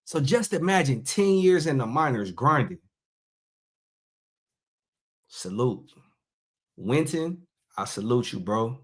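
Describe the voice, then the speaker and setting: A man's voice: medium pitch, expressive, a little slow. A middle-aged man hosting a casual monologue show, talking in a loose, conversational way and stretching out phrases for emphasis. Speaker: podcast host.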